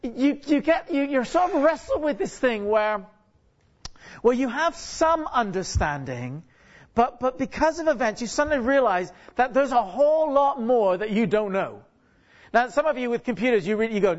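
A guest preacher with an extremely high, lively voice talks at a moderate pace from a church stage, delivering a chatty, joking sermon. He keeps pausing to throw rhetorical questions at the congregation, often restarting sentences and repeating words. The recording is dull and lo-fi.

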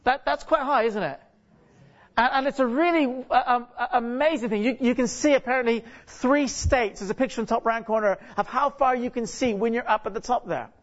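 A guest preacher gives a conversational, joking sermon from a church stage, often pausing to pose rhetorical questions to the congregation and frequently restarting sentences and repeating words. His voice is very high-pitched and fairly quick. The recording is dull and lo-fi.

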